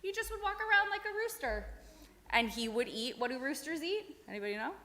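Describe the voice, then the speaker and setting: Lady telling a story to kids in a synagogue, high and lively, pretty echoey. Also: a little fast. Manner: animated, asks the kids questions. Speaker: children's storyteller. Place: synagogue sanctuary. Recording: echoey hall.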